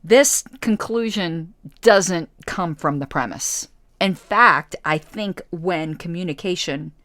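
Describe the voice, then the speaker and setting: A woman's voice: lowish voice, a bit bright, no echo, clean studio sound. A woman from the United States hosting a radio talk show, reading an article aloud and answering it with sarcasm. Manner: sarcastic, argumentative.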